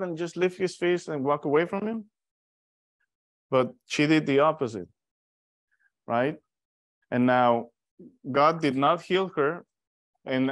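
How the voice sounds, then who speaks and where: A man teaching a Bible study session, telling a story and acting out the people in it. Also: fairly high pitch. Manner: animated storyteller, acts out quoted voices. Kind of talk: storytelling sermon.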